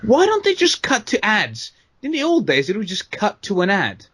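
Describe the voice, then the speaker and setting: A man's voice: sits high, huge pitch swings, moderate pace, a bit bright, breathy edge. A man co-hosting a wrestling podcast in casual chat, talking loosely with lots of swearing, fillers and jokey quoted voices. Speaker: podcast co-host.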